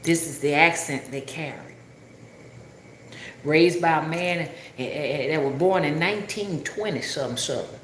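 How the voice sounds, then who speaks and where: Deep-voiced southern lady, alabama drawl, rambly livestream chat, echoey room w some hiss. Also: normal speed. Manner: rambling, drawling, asks listeners if they understand. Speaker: spiritual rootworker livestreamer. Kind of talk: casual livestream talk.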